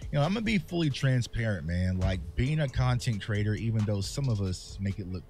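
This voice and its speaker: A man's voice: on the low side, expressive, fairly quick, darkish tone, soft background music. A man who makes sports videos, speaking candidly and passionately to his viewers in a vlog monologue. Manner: impassioned, candid, calls viewers "y'all". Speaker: sports content creator. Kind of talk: emotional vlog monologue to fans.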